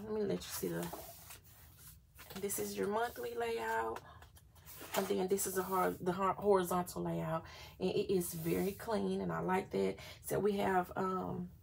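A woman's voice: medium pitch, gravelly, slight background noise. A woman vlogger chatting casually through a planner flip-through, gushing and often saying y'all.

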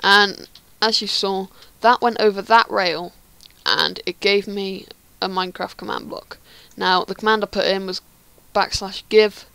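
A woman's voice: medium pitch, fairly even intonation, measured pace, gravelly, few pauses, pushed and bright, clean tone, no echo. A woman giving a casual game tutorial, rambling with lots of ums and restarts. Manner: rambling, hesitant, many ums. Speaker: Minecraft tutorial creator.

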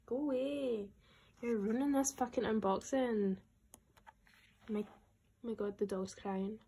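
A woman's voice: fairly high pitch, slow pace, vocal fry, breathy edge. A young woman gushing through an album unboxing at home, often dropping to a whisper. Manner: gushing, excitable, talks to her pets. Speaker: vlogger.

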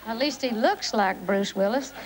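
A woman's voice: a little high, moderate pace, crowd noise. A woman from Tennessee, hosting a TV comedy sketch with teasing, playful quips. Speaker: host. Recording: hissy, clicky old TV broadcast.

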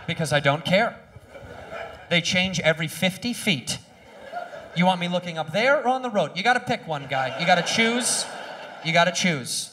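A man in his thirties performing a stand-up comedy set on stage, animated, acting out quoted voices and shouting punchlines. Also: a little high, brisk.

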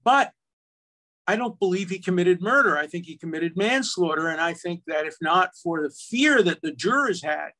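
A man's voice: high-pitched, animated, moderate pace, pushed and bright. Emphatic older man arguing a point. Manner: argumentative, emphatic, frequent restarts. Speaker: guest, attorney and law professor. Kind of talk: casual conversation.

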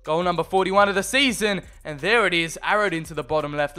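A young man calls the action of his own football video game match, moving between calm narration and loud excited shouts. His voice sits high, bright and smooth. Faint music plays underneath. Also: fairly quick, hardly any pauses. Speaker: gaming video creator. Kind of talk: self-commentary over a football video game.

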